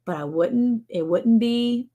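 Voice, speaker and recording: A woman's voice: a little high, takes it slowly, dark tone. A woman hosting a casual livestream from her ranch, chatting playfully and joking while reading out viewer comments. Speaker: livestream show host. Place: ranch home.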